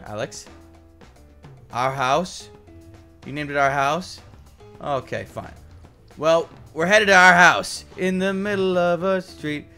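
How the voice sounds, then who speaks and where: A woman's voice: low voice, slow pace, pauses often, bright, forceful tone, faint music behind. A woman giving sarcastic, exasperated commentary on her Minecraft game and complaining to her partner. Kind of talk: scripted gameplay commentary with a partner.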